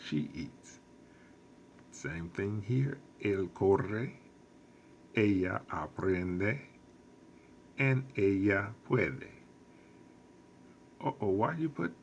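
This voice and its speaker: Slow gravelly-voiced male teacher. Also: fairly low pitch, animated, muffled recording, slight background noise. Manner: slow, patient explaining with repetition. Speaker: Spanish teacher. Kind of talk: recorded classroom lesson.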